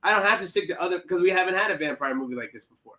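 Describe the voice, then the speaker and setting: A man co-hosting a film podcast in casual chat, animated and quick to act out what people said. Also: sits high, slight background noise. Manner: animated, exclaims and acts out quotes.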